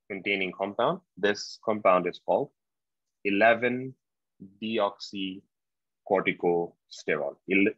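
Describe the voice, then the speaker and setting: A man giving a medical exam prep lecture, slow and repetitive, quizzing his students as he goes. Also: lowish voice, dry recording. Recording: dull, dry lo-fi lecture recording.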